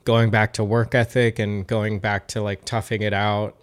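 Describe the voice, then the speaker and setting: Smooth-voiced man rambling thoughtfully. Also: fairly low pitch, flat delivery, normal speed. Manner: thoughtful, rambling with many restarts and fillers. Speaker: podcast guest, artist. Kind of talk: casual podcast chat.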